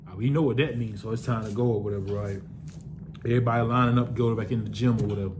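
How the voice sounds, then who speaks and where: A man's voice: mid-range voice, quick pace, a little mellow, a little hiss or hum. A young man casually telling a personal story to the camera, loose and profane, with lots of restarts.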